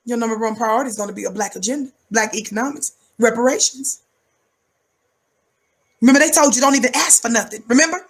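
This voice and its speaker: Husky fiery woman commentator. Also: fast, fairly bright tone. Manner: emphatic, rhythmic, repeats words for effect; calls herself high-energy. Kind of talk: fiery preaching-style commentary.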